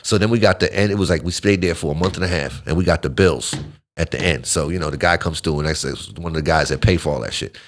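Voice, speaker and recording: A man telling stories in a relaxed conversation, his voice sitting low. He talks quickly and acts out the other people in his stories. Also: slight background noise. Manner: animated storyteller, quotes others in voices. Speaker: podcast guest. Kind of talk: casual storytelling chat.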